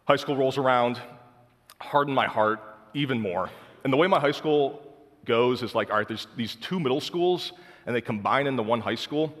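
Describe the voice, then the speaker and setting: A man's voice: medium pitch, moderate pace, a bit bright, in a large hall. A young man sharing a personal faith testimony in casual, heartfelt storytelling full of filler words. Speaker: speaker sharing his testimony.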